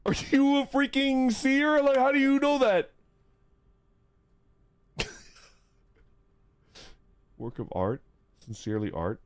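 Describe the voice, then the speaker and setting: A streamer chatting casually on a live stream while gaming, with loud groaning outbursts and halting reading aloud. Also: high-pitched, big pitch swings, smooth, no room sound.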